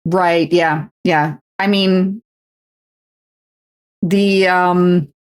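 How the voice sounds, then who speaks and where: A woman's voice: fairly low pitch, steady tone, drawn-out words, smooth. A woman livestreaming, chatting casually while crafting, rambling and self-deprecating with frequent restarts.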